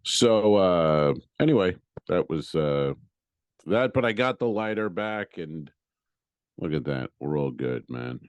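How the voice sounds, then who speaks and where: Low-voiced man telling an exasperated story. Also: animated, slow pace, clear, resonant tone, no room sound. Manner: profane, exasperated storytelling with acted-out quotes. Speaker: comedian and podcast co-host. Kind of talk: casual storytelling chat.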